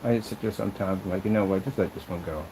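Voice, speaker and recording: Speaking fast in a low, mellow voice, a man who builds and sells projection screens airs his grievances in a casual vlog, rambling and repeating himself. Slight background noise sits under a low-quality recording.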